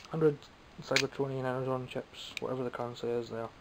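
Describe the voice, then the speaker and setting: This very noisy clip features a man from Scotland with a gravelly, mid-range voice and a flat, moderately paced delivery. He's a toy collector vlogging casually, self-deprecatingly showing off toys he's bought.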